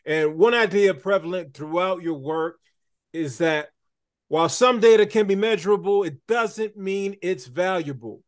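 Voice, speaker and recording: A man's voice: high-pitched, unhurried, no echo, clean studio sound. A man hosting an interview podcast, upbeat and playful, talking straight to his listeners. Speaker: podcast host. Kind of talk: conversational interview.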